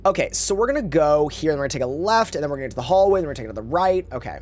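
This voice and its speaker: A man's voice: fairly high pitch, lively intonation, racing, darkish tone. A man streaming a game, chatting casually in a rambling way with campy slang and reading chat aloud. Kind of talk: casual live-stream chat while gaming.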